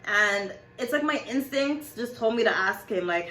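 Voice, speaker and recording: A woman's voice: fairly high pitch, lively intonation, moderate pace, pushed and bright, echoey room, a little hiss or hum, rough recording. A woman telling a story in a casual, chatty way, swearing freely and saying "like" a lot.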